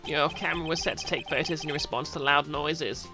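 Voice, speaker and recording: A man streaming a video game, reading its dialogue aloud with emphatic, lively energy. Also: fairly high pitch, fairly quick. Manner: lively, reads the defense lines with emphatic energy. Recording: game music behind.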